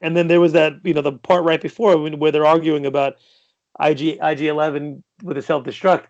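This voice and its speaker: A man's voice: on the high side, flat delivery, fairly quick, a little mellow, muffled recording. A man co-hosting a podcast with laid-back, profane casual banter. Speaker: podcast co-host. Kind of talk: casual review chat.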